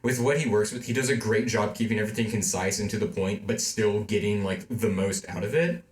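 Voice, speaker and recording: Chatting casually as co-host of an amateur film podcast, this man rambles and fills his speech with "like." He speaks a little fast in a voice on the low side with fairly even intonation, in a room with an echoey sound.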